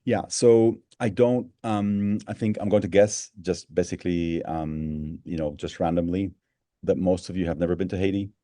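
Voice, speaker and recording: A man's voice: low voice, steady tone, normal speed, studio quality. A man hosting an online town hall on a video call, talking loosely with many restarts and fillers. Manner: rambling, warm-hearted, many restarts and fillers. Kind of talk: casual live video-call talk.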